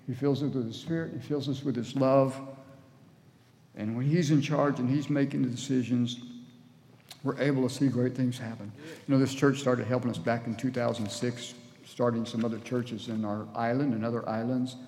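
A man's voice: medium pitch, fairly even intonation, normal speed, warm tone. Guy preaching a sermon, earnest, long church reverb, mid voice. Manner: earnest, acts out voices in the story. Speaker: guest preacher. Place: church hall.

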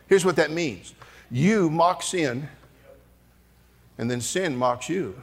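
A man preaching a storytelling sermon to a large audience, animated and comic, rising to shouts at the high points. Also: slow, long pauses. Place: large church auditorium before an audience.

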